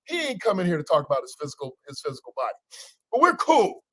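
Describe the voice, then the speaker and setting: A man hosting a casual motivational talk as a coach, energetic and teasing, with preacher-like repetition. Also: high-pitched, quick pace, dry recording, rough recording. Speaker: coach and show host.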